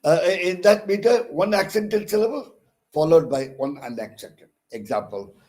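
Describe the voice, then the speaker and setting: With a high, expressive, darkish voice at normal speed, a man with an Indian English accent delivers an online lecture on poetic meter. The counsellor, who teaches English literature, is hesitant, restarting often and using many fillers, and he stresses syllables when reading examples.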